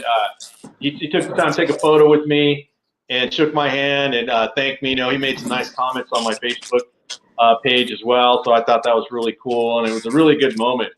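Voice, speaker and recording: A man's voice: mid-range voice, fairly bright tone, slight background noise. A man co-hosting a casual podcast, telling stories eagerly with lots of fillers. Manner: enthusiastic storytelling with fillers. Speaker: podcast co-host. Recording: roomy echo.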